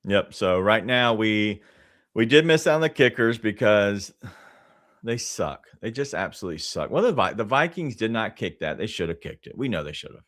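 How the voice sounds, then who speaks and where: Blunt low-voiced male host. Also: sing-song, normal speed, a bit bright. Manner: blunt, wraps up segments. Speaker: show host. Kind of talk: casual sports betting chat.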